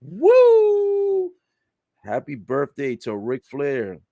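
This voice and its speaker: A man giving a casual live recap of a wrestling show, relaying what is said in the ring and reacting with laughs and loud exclamations. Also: medium pitch, moderate pace, no echo, narrow, tinny audio. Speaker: live wrestling watch-along commentator.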